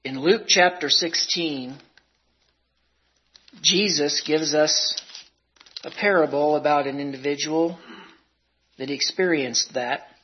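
A male preacher speaks slowly and deliberately, reciting with emotion. His voice is husky and breathy. The recording sounds dull and lo-fi. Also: fairly high pitch. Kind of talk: sermon with dramatic poem reading.

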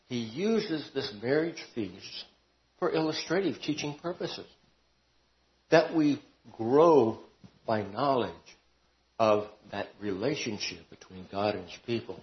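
A man teaching a Bible class. He talks expressively, rising to emphatic peaks and dropping to quiet asides. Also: mid-range voice. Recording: dull lo-fi classroom recording.

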